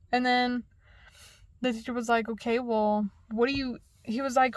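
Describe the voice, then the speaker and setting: A woman's voice: fairly high pitch, a little fast, no echo. Chatty young woman, dry close mic. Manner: animated, profane, acts out dialogue. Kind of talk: casual storytelling.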